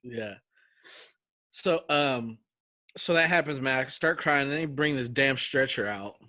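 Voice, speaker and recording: Young male guest, bright and lively, slangy storyteller, dry close recording. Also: medium pitch, measured pace, no room sound. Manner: animated, acts out quotes with slang and swearing. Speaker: guest telling a survival-show story. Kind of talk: casual storytelling chat.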